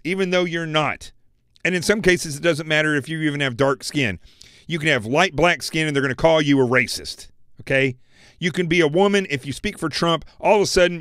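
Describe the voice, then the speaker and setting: A man's voice: on the high side, fairly bright tone, no echo, clean studio sound. A man hosting a political commentary show, delivering an opinionated monologue and calling his viewers folks. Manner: fired-up, addressing viewers as folks.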